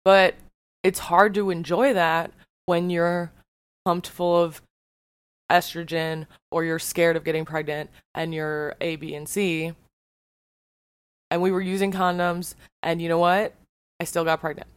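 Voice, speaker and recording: A woman's voice: lowish voice, level tone, a little slow, long pauses, smooth, dry recording. A young woman talking through a personal podcast monologue in a frank, heated, profane way. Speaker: podcast host.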